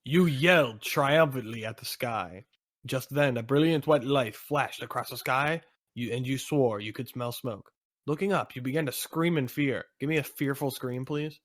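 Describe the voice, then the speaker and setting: A man's voice: medium pitch, moderate pace, dry recording, studio quality. A man co-hosting a podcast, narrating a fan fiction aloud in an amused, playful way. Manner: amused, breaks into laughter between lines.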